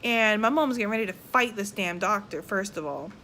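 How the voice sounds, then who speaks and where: Bright-voiced Southern woman, blunt and candid. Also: mid-range voice, brisk, slight background noise. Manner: candid and blunt, with frequent profanity; animated, acts out quoted people. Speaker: vlogger. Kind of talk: casual storytelling.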